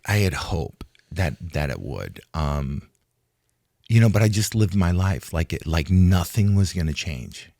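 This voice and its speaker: A retired fighter, guesting on an interview in a Hollywood studio, tells a long, rambling story, restarting and acting out what others said to him. His low-pitched, creaky voice is animated yet unhurried, with a darkish tone, and the studio sound is clean with no echo.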